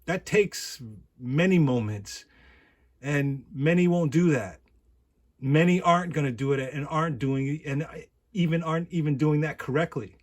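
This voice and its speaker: A man's voice: on the high side, moderate pace, darkish tone. Rambling man with stammering repeats. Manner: rambling, repeats words, laughs often. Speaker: vlogger. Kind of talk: casual commentary monologue.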